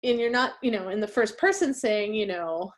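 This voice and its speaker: A woman's voice: medium pitch, moderate pace. A woman who trains interpreters, giving a conversational webinar presentation and often checking in with her listeners. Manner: conversational, checks in with frequent "right?".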